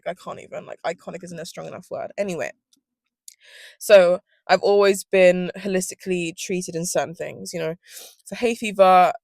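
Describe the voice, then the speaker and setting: A young woman with a low, sniffly voice rambles through a candid story, swearing often and breaking off her own sentences. She sits in a parked car, and the sound is close and dry with no room around it. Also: no echo. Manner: rambling, sweary, ranting, self-interrupting. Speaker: vlogger. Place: inside a car.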